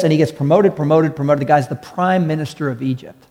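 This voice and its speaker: A man's voice: fairly high pitch, fast, warm tone. Earnest preacher man in a reverberant hall. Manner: earnest, repetitive emphasis, storytelling. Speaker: pastor. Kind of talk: sermon. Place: church hall with audience.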